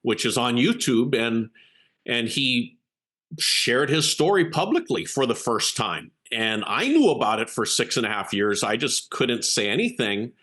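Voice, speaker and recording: Man, executive coach, interview guest, earnest, animated storyteller, medium pitch. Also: measured pace. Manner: earnest, animated storyteller who acts out quotes. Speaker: keynote speaker and executive coach.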